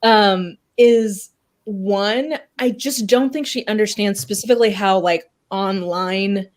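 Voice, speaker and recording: A woman on a video call, animated and critical as she works through her points aloud in a book club discussion. Her voice sits at a middle pitch. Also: slow pace.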